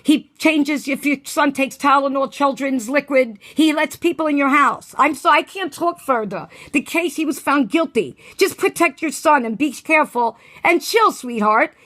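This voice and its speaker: Lady in a phone fight, high voice, firm, accusing, lecturing. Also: normal speed, few pauses, fairly bright tone. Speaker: caller. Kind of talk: heated phone argument.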